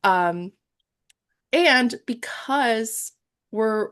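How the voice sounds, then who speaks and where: A woman's voice: mid-range voice, unhurried. A young woman with a slightly congested voice co-hosts a podcast. She chats casually, rambling along with plenty of fillers. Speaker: podcast co-host. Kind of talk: casual chat.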